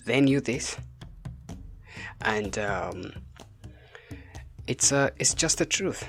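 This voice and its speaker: A man's voice: medium pitch, fairly bright tone. A man giving an impassioned spoken message as a spiritual teacher, repeating rhetorical questions. He is from Africa.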